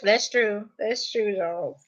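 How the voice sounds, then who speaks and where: A woman's voice: mid-range voice, slow pace, muffled recording. A Southern woman chatting casually to her viewers, laughing often and calling them honey. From American South. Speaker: vlogger. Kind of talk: casual chat to camera.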